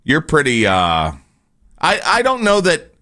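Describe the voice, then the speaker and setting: A man co-hosting a radio show, giving measured advice in casual banter. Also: a little high, wildly swooping pitch, sharp tone. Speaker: radio co-host.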